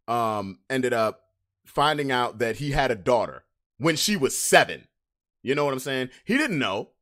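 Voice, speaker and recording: A man hosting a casual livestream podcast, reading memes to his chat with drawn-out emphatic delivery, loose slang. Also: medium pitch, pushed and bright.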